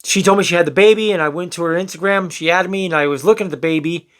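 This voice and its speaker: A young vlogger tells a personal story to camera, casual, candid and rambling, swearing now and then and acting out people's lines. His voice is high, a bit bright and resonant, the sound is clear, and he talks fast.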